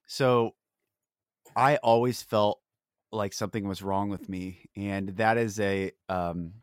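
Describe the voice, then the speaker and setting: A man's voice: fairly low pitch, clean tone, dry recording, clean studio sound. A man hosting a podcast, talking in an earnest, emphatic way and pressing hard on key words. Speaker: podcast host. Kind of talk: candid podcast conversation.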